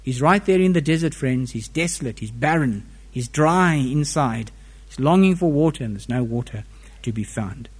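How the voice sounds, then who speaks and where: A man preaching a sermon, reading scripture and explaining it with expressive rises and falls in pitch and volume. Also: normal speed, slightly rough.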